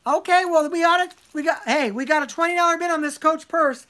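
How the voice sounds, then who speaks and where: A woman co-hosting a live online sale, calling out bids in brisk, teasing casual chat. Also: sits high, sharp tone.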